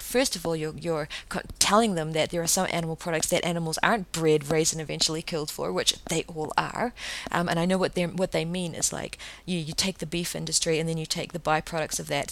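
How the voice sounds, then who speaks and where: Indignant woman ranting on her podcast. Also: on the low side. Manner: indignant, emphatic, rapid-fire rhetorical questions. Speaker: podcast host. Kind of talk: solo podcast rant.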